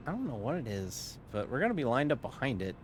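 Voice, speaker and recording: A man's voice: mid-range voice, very animated, fast, a little hiss or hum. A man casually commenting while streaming a sim race, rambling and joking and laughing often.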